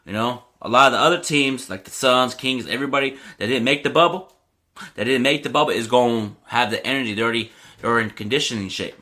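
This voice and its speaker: Bright-voiced man ranting about sports. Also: mid-range voice, fast talker. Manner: animated, ranting, lots of "you know what I mean". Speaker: sports podcast host. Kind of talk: casual sports talk.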